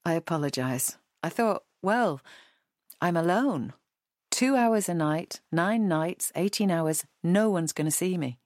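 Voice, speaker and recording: A woman's voice: fairly low pitch, animated, a little slow, a little mellow, no echo, clean studio sound. A woman reading aloud and voicing a sheepish, chatty man who rambles apologetically.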